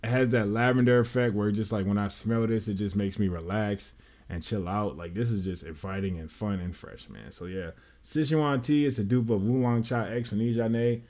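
A man's voice: fairly low pitch, moderate pace, a little mellow. A man giving a casual, enthusiastic fragrance review that rambles and often says "man" and "y'all.".

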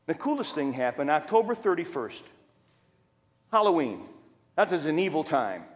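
Animated high-voiced preacher in an echoing hall. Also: male voice, moderate pace. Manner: animated, acts out quotes with humor. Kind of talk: storytelling sermon. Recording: reverberant church hall.

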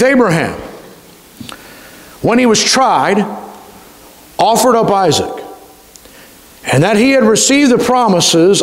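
Pastor guy preaching, high voice, draws out big words, lots of hall echo. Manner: emphatic preaching, stretching key words slowly. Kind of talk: sermon. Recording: reverberant church hall.

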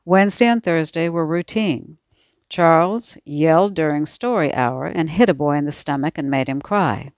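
A woman narrating a short story in an expressive, animated way. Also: deep voice, normal speed, no echo, studio quality.

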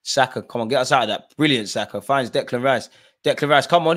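A man hosting a live football watch-along. He bursts into loud shouts at the players and the referee, then drops to quiet, muttered asides. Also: fast talker. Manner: excitable, shouts encouragement and complaints at players and referee; drops to low muttered asides between outbursts. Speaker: fan channel host.

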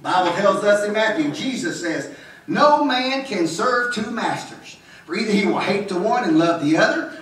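A man, a pastor preaching a sermon in a church, telling homespun stories and often clearing his throat. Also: high voice. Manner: folksy storytelling, frequent throat clearing. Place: church sanctuary. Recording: very echoey room, voice from a distance.

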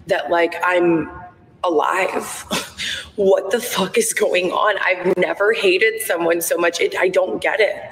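A woman's voice: fairly low pitch, a little hiss or hum. A woman in her thirties talking on a live stream from her phone, rambling with lots of "like" and "um". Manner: rambling, frequent "like" and "um". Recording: echoey, roomy playback of a live stream.

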